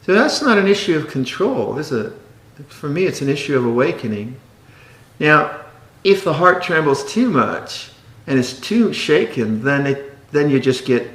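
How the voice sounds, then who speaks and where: A man teaching meditation in a relaxed dharma talk, his medium-pitched voice carrying a roomy echo. He talks in a playful way, laughing often and sometimes mimicking fussy, precious meditators.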